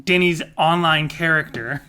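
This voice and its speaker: A man's voice: a little high, moderate pace, bright, forceful tone, smooth. A man co-hosting a casual podcast, rambling and correcting himself as he jokes along. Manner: rambling, self-correcting, joking. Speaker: podcast co-host.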